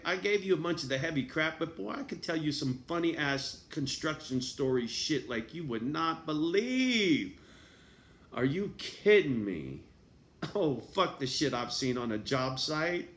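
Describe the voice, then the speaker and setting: A man's voice: medium pitch, roomy sound. A man talking casually to his viewers in a rambling, profane vlog monologue, often laughing. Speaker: vlogger.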